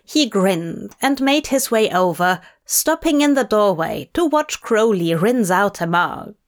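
A woman reading a story aloud in a calm, measured audiobook narration. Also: mid-range voice. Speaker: fanfiction reader.

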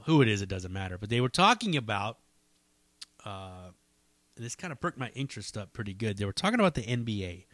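A man talking alone into a podcast mic in loose, meandering chat, cursing freely and poking fun at himself. His voice is bright and forward, and the sound is dry and close with no room around it. He wanders between thoughts, full of "um" and "uh.". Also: lowish voice, no room sound. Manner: rambling, profane, self-deprecating, many fillers. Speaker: podcast host. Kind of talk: casual solo podcast rambling.

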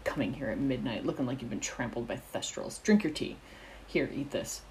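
A big-hearted giant of a groundskeeper grumbles and scolds in a deep, mellow voice, as a woman reader puts him on. He fusses more than he threatens, a gruff man in a storybook read-aloud. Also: lively intonation, fairly quick, a little hiss or hum, poor audio. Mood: fussing.

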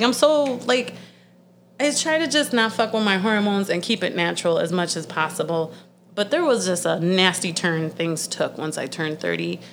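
A woman's voice: medium pitch, slight background noise. A woman in her thirties ranting in a blunt, profane, exasperated way, speeding up in heated bursts. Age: 30s. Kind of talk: ranting monologue.

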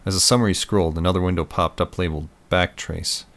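A man narrating a first-person thriller story in a steady, measured reading voice. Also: low voice, creaky. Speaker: audiobook narrator.

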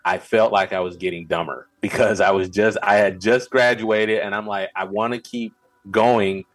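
Man, low voice, casual podcast co-host, halting and repetitive starts, dry close sound. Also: fairly even intonation, no room sound. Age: adult, veteran back in school. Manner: halting, repeats words when starting a thought.

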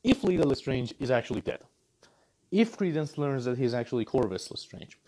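A man giving a casual, exasperated movie review full of sarcasm. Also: mid-range voice. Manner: animated, exasperated critique with sarcasm.

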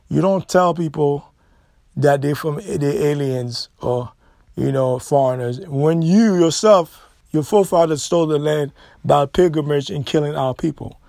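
A man's voice: on the high side, darkish tone, dry recording, clean studio sound. A man hosting his own channel, talking to his listeners in a blunt, rambling monologue with many restarts. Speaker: podcast host.

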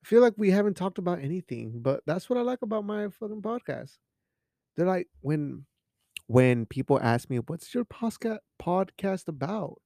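A man's voice: high-pitched, big pitch swings, moderate pace, mellow, no room sound, studio quality. A man hosting a casual solo podcast, rambling and joking with lots of swearing and Spanish phrases, sipping beer as he talks. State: drinking beer while talking. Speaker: podcast host.

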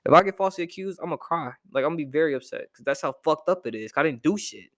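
A young man ranting casually to camera, animated and profane as he reacts to a list. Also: a little high, very fast. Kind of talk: casual rant.

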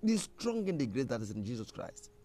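A man preaching a sermon, emphatic, with a gravelly voice. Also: medium pitch, very animated, a little fast. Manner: emphatic, rising to loud scripture reading.

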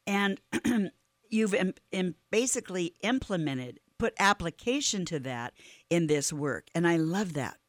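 A woman interviewer with a slightly low, trained voice, talking with effusive enthusiasm in a casual faith-based chat. The sound is dry and close, with no room around it. Her praise comes in bursts between thoughtful asides. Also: animated, measured pace, dry recording. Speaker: interview host.

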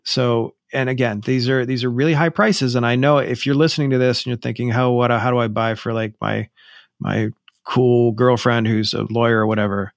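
A man co-hosts a podcast in casual conversation, rambling, restarting often and drawing out his phrases. His medium-pitched voice keeps a fairly even intonation, captured in clean, echo-free studio sound.

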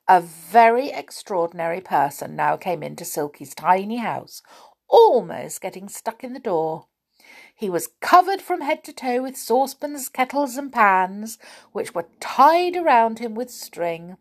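A woman reading a children's story aloud in an expressive, animated way. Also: medium pitch.

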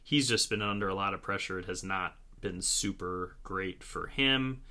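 A man's voice: low voice, normal speed, bright, forceful tone. A man hosting a solo fantasy football recap in a casual way, with wry, sarcastic asides. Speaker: fantasy football podcast host.

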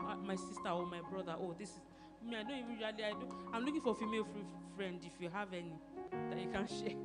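A woman pastor with a Nigerian accent, preaching in a conversational way, often asking "do you understand?" and laughing. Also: mid-range voice. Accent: Nigerian English. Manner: animated, asks the audience questions, laughs often. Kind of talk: conversational sermon. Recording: music playing behind her.

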